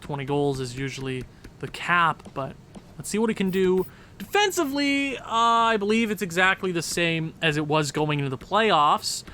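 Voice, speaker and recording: Bright excitable male game commentator. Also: high voice, slight background noise. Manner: excitable, rambling, self-correcting. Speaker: gaming commentator.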